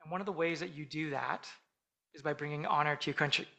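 A man preaching a sermon as pastor, earnest and measured, slowing down for emphatic phrases. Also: fairly high pitch, steady tone, vocal fry, pushed and bright, low-quality recording.

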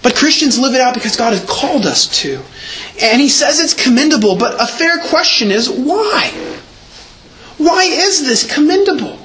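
Pastor, male, high voice, emphatic sermon delivery, slight background noise. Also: big pitch swings, fairly quick, sharp tone. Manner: earnest, emphatic preaching with repeated words.

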